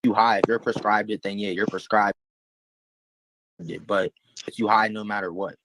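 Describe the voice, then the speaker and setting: A man's voice: fairly low pitch, fairly even intonation, normal speed, a bit bright, dry recording, low-quality recording. A man arguing bluntly with his mother in a heated family dispute. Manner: confrontational, blunt. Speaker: adult son in a family dispute.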